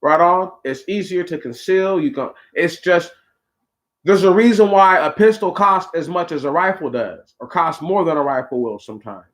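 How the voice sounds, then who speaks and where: A man's voice: sits high, expressive, normal speed, a bit bright. A man hosting a talk show, delivering a preachy, conversational monologue straight to his listeners with slang asides. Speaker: podcast host.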